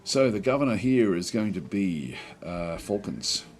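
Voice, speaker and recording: A man giving relaxed let's play commentary on a strategy game, thinking aloud with many fillers and restarts. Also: on the low side, a little slow, faint music behind.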